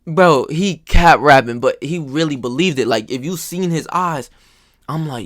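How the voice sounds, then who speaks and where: A young man telling casual stories in a slangy, profane, animated way. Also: on the high side, moderate pace, no echo, studio quality. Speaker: host. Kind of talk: casual storytelling monologue.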